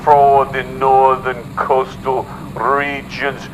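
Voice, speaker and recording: An actor playing an earnest TV weather presenter with a measured broadcast delivery. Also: male voice, medium pitch, completely flat delivery, close to an everyday voice, low-quality recording. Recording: outdoor recording with traffic noise.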